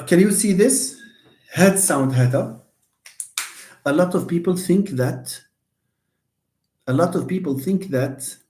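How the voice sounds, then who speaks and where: A man's voice: on the high side, a little mellow, echoey room. A Moroccan man lecturing on phonetics in a live online class, demonstrating sounds and joking with his students. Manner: switches between English and Moroccan Arabic, jokes with students, demonstrates sounds. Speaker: university lecturer.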